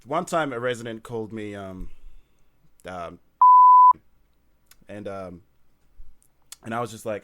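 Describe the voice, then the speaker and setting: A man's voice: lowish voice, measured pace, pauses often, a bit bright. A man co-hosting a casual podcast over an online call, telling stories in a rambling, giggly way and swearing freely. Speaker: podcast co-host. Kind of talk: casual chat.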